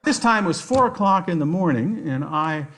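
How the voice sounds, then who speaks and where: A man presenting an online workshop on nature activities, enthusiastic and given to animated storytelling. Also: fairly high pitch, normal speed. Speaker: outdoor educator, workshop presenter.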